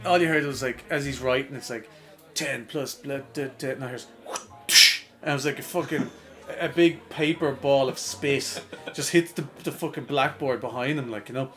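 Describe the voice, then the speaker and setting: A man's voice: mid-range voice, fairly quick, faint music behind. Irish man telling crude stories. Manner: animated storytelling, crude, laughing, acts out voices. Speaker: podcast co-host. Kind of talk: casual chat.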